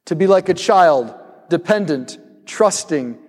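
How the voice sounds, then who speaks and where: A high-voiced man preaches to his listeners in a lively storytelling manner, repeating questions for emphasis. His voice rings through a large hall with long reverb. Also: unhurried. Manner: storytelling, animated, rhetorical repetition. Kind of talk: sermon.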